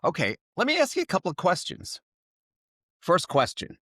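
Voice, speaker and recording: A male podcast host chats casually with his guest, throwing out quick, upbeat questions and reactions. His intonation is lively and full of movement. The recording is dry, with no room echo. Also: high-pitched. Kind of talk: casual interview.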